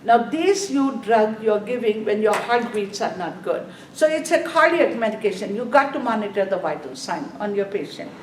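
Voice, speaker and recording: A woman's voice: medium pitch, very animated, moderate pace, few pauses, slight background noise. A woman teaching a nursing exam review class. She drills her students with questions and repeats key terms for them to write down, and her grammar is non-native. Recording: echoey classroom from a distant mic.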